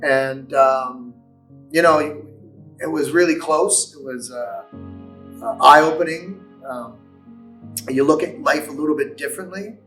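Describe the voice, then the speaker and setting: A man's voice: fairly high pitch, measured pace, pauses often, fairly bright tone. Reflective middle-aged man, distant mic. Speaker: comedian. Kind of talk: documentary interview. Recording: distant mic with guitar music.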